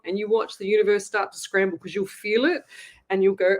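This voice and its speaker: A woman with an Australian accent hosting a live psychic show, who reads out viewer questions and tells animated stories in a chatty way. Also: medium pitch, fairly quick. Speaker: psychic medium host.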